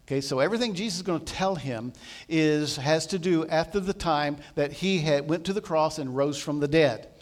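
High-voiced man preaching animatedly. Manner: animated storytelling, voicing quotes with swings from loud to soft. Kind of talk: sermon retelling a story.

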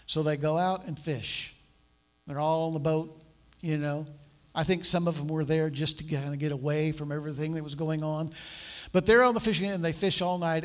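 A man preaching a sermon in a conversational, storytelling way, acting out the voices of the people he quotes. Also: on the high side. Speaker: pastor.

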